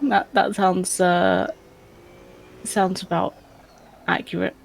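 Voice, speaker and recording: A woman's voice: fairly low pitch, big pitch swings, slow pace, creaky, rough recording. A woman co-hosting a live stream, reading out chat in a casual, giggly way with plenty of hesitations. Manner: giggly, hesitant, lots of ums.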